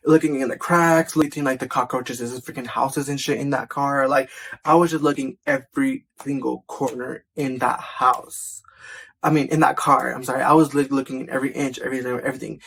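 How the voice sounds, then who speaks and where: A man vlogger telling a personal story in casual storytime style, animated and profane, filling his talk with "like". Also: mid-range voice. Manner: animated, profane, filler-heavy with constant "like".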